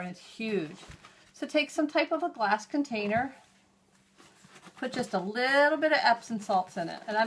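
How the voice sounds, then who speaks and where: A woman's voice: medium pitch, slight background noise. A middle-aged woman hosting a hands-on how-to demonstration, explaining each step in a chatty, homey way as she works. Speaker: host.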